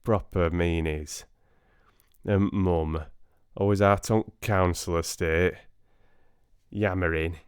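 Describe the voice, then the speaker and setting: A man's voice: low-pitched, a little mellow, smooth, dry recording, studio quality. Man putting on a rowdy Yorkshire storyteller. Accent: put-on broad Yorkshire. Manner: rowdy, slangy, keeps asking "right?". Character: brash, cheeky male Yorkshire storyteller.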